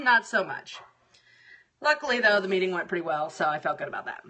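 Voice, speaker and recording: A woman's voice: on the high side, a little fast, sharp tone, dull audio. A woman hosting a show, telling a story about her day in a casual, profane, exasperated way. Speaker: radio show host.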